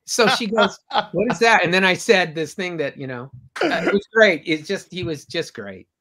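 A man's voice: sits high, lively intonation, moderate pace. An older man, a comic artist guest, telling long anecdotes with frequent restarts in a casual interview. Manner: rambling, warm anecdotes with restarts.

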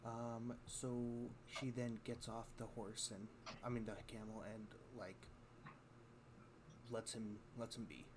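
A man's voice: medium pitch, level tone, takes it slowly. A man playing a tabletop game in casual chat, talking in a hesitant way with fillers. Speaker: player. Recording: voice chat with background noise.

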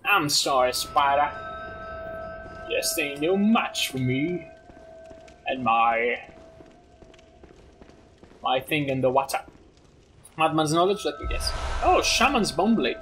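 A man playing through a video game, bursting into goofy exclamations. His voice sits high and bright, with big swings in pitch. He talks at an unhurried pace, and faint music plays behind him. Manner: excitable, loud outbursts and goofy exclamations. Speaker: gaming commentator. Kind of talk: let's play commentary.

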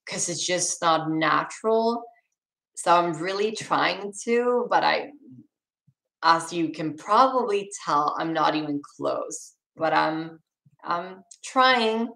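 A woman's voice: fairly low pitch, lively intonation, takes it slowly, vocal fry, fairly bright tone, poor audio. A young woman with a Swedish accent, casually reading chat questions aloud on a live stream and answering them with restarts and laughs. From Sweden.

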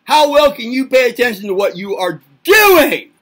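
A man's voice: very high voice, very animated, normal speed, fairly bright tone, slightly rough. A man giving an informal self-help talk, rambling through rhetorical questions with casual swearing. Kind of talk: informal lecturing monologue.

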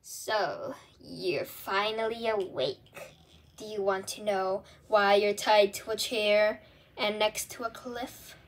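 A woman voicing a gloating toy kidnapper, speaking lower and slowly with mock menace. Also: distant mic.

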